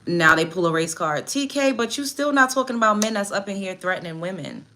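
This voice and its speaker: A woman's voice: mid-range voice, lively intonation, a little fast, sharp tone, slight background noise. A woman hosting a livestream, reading chat comments aloud and answering them in a blunt, profane, indignant rant while doing her makeup at home. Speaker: livestream host.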